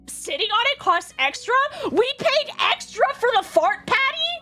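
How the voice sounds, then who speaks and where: Excitable high-voiced woman streamer, chaotic. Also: moderate pace, over music. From Canada. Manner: chaotic, excitable, swearing, breaks into laughter. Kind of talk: casual chat.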